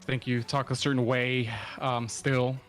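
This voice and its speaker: A man's voice: medium pitch, little pitch movement, a little slow, fairly bright tone, soft background music. Brief: male guest, curious and laid-back, laughs a lot. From Texas. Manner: curious, chuckling, easygoing. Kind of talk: casual chat.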